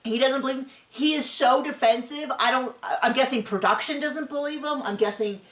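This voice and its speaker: Brief: woman host, higher voice, animated chatty storyteller, echoey room. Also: a little fast. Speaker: podcast host. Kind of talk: casual recap chat. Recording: roomy echo.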